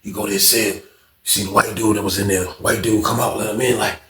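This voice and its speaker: A man telling a casual storytime tale, in an animated, slangy and profane way, acting out other people. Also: lowish voice, fast, roomy sound, noisy background.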